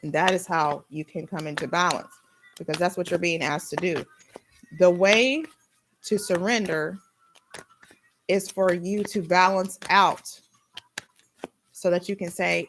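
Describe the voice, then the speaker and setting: A young adult woman giving a casual spiritual tarot reading, blunt and animated, swearing freely as she talks. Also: on the low side, unhurried, long pauses, slight background noise, low-quality recording. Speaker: tarot reader.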